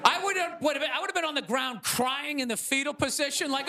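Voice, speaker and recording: A male stand-up comedian doing a sarcastic, ranting set on stage, with loud bursts. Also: very high-pitched, a little fast, few pauses, crowd noise. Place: comedy stage before a live audience. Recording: live club recording with audience laughter and noise.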